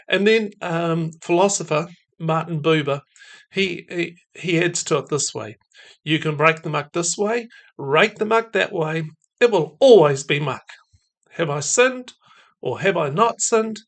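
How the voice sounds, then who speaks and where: A man with a fairly high-pitched voice gives a thoughtful devotional talk. He muses aloud and drops in fillers and soft laughs as he goes. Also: animated, a little slow. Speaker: faith and mental health speaker.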